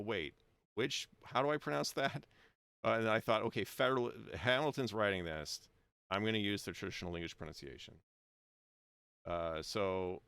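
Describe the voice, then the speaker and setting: A man's voice: lowish voice, a bit bright, clear, resonant tone, no echo. An American man hosting a livestream, talking casually and at length, often correcting himself and chuckling. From United States. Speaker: livestream host reading and discussing historical texts.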